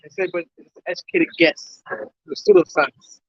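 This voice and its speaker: A man's voice: sits high, fairly even intonation, unhurried, dry recording. A man in a casual Bible study group, talking emphatically, quoting scripture and swearing. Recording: dull lo-fi dry live stream.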